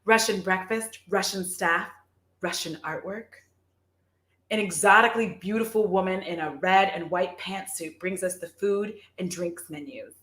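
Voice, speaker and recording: A woman's voice: fairly low pitch, measured pace, a bit bright, reverberant. A woman chatting on a casual livestream, rambling and giggling with lots of fillers. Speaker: streamer.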